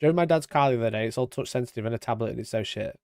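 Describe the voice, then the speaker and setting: A British man hosting a casual live stream, chatty and mock-indignant, talking into a boom-arm mic. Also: rapid-fire, darkish tone, no echo. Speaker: streamer host. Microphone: studio mic on boom arm.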